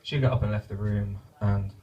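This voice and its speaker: A man's voice: lowish voice, fairly even intonation, normal speed, far from the mic, highs cut off, faint music behind. A man doing a stand-up comedy set, self-mocking and stumbling over his words as he rambles. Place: comedy club stage.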